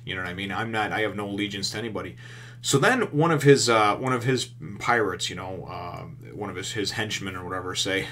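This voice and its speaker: A man's voice: on the low side, a little fast, pushed and bright. A man casually recapping a comic chapter in a rambling, profane way, full of fillers. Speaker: manga reviewer.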